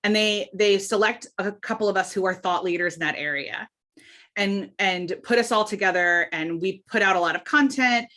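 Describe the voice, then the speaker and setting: A woman's voice: medium pitch, normal speed, sharp tone. A woman talking as a podcast guest, emphatic and candid, often restarting her sentences in casual interview chat.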